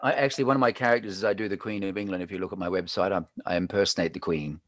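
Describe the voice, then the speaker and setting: A man's voice: low-pitched, fairly even intonation, very fast, a bit bright, no room sound. A man from Australia with an Australian accent, hosting a chatty, joking live talk show after a panel. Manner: chatty, jokey, laughs often. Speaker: host. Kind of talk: casual livestream chat.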